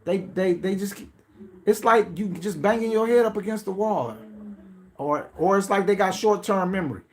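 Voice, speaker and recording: There's slight background noise as a high-pitched man talks at a normal speed. He hosts a podcast, moving through a casual, profane monologue of mocking pleading voices and blunt asides.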